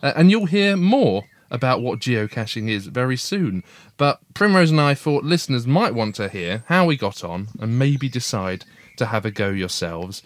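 A man's voice: mid-range voice, big pitch swings, normal speed, no room sound. A man co-hosting a casual family podcast with his young daughter, playful and teasing, with frequent "uh"s and restarts.

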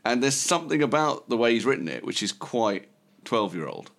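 A man's voice: mid-range voice, sing-song, a little fast, vocal fry, a bit bright. A man co-hosting a podcast, musing and digressing in casual chat about music. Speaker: podcast co-host.

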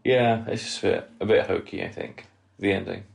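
A young man co-hosting a podcast, giving measured opinions in a hesitant way and often repeating his words. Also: fairly low pitch, vocal fry. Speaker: podcast co-host. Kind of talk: casual chat.

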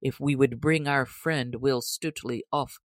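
Here is a bold male outlaw leader from an old storybook, declaiming with a stirring, rallying force. A woman reads him out in a low, unhurried voice, close and dry to the mic. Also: fairly even intonation, dry recording. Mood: wary.

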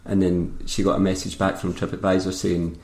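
A laid-back man chats as a podcast guest, easygoing and agreeable. His voice is very deep and gravelly and stays flat and even. The room adds a roomy echo. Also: fairly quick. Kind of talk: casual chat.

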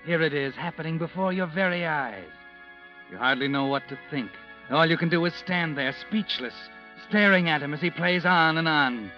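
A man's voice: fairly high pitch, normal speed, lo-fi sound, lightly acted. A man playing a sly, knowing narrator of a radio mystery. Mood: insinuating. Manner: insinuating, knowing, addresses the listener as you. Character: sly, all-seeing male narrator of a mystery show. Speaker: narrator speaking to the heroine in second person. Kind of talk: 1940s radio drama narration. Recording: old radio recording with music behind.

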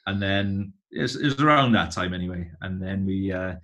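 Lowish voiced guy in his 30s, rambly casual chat, keeps restarting sentences. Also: fairly bright tone, highs cut off. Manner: rambling, halting, many restarts. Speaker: touring musician, guest. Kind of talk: casual conversation.

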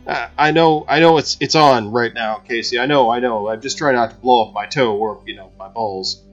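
A man's voice: mid-range voice, moderate pace, muffled recording, faint music behind, natural voice. A man voicing a nervous, stammering young man who fumbles with a gun. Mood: flustered. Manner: stammering, flustered.

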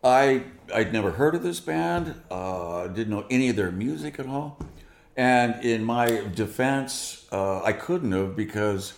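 A man with a gravelly, creaky voice, telling a story in an animated way and acting out what people said. He sounds like he is in a roomy space with some echo. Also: medium pitch, unhurried. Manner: animated, acts out quoted dialogue. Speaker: guest musician. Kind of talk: storytelling interview.

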